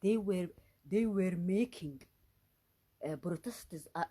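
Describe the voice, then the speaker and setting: Speaking slowly in a lowish, dark voice, this female vlogger gives an unscripted solo monologue. Her tone is agitated and accusatory, and she keeps stopping to start over and repeat herself for emphasis.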